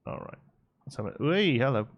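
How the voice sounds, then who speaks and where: A man's voice: medium pitch, very animated, brisk, lo-fi sound. A man casually commenting while playing a building game on a live stream, reading and answering chat. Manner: chatty, reads out chat and answers it.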